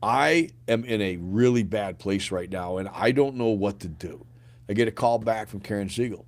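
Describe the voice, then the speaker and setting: On the low side and at a moderate pace, a middle-aged American grieving father talks as a guest on a podcast. His painful personal story comes out blunt and casual, loaded with slang and profanity.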